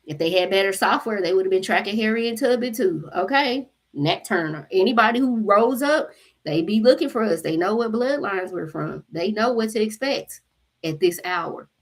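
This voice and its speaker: Husky-voiced woman telling a heated story. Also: mid-range voice, normal speed. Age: adult mother. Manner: animated, profane, acts out quotes. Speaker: spiritual channel host. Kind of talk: casual storytelling to viewers.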